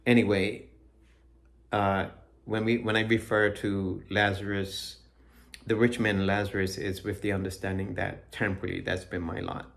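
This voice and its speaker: A middle-aged man giving a personal religious testimony, earnest and halting, with frequent restarts. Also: on the low side, vocal fry, a bit bright. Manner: reads scripture aloud. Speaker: Christian speaker giving his testimony. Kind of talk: personal testimony, reflective talk.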